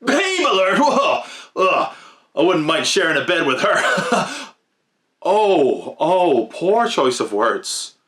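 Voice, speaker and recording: A man's voice: high-pitched, very animated, takes it slowly, a bit bright, heavily acted. An actor playing a goofy, lusty teenage boy gawking at pin-ups in a film clip.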